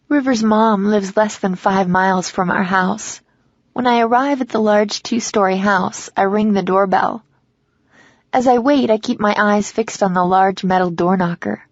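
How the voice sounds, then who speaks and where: A woman narrating a first-person romance audiobook in a measured, reflective way. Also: medium pitch, dry recording, muffled recording.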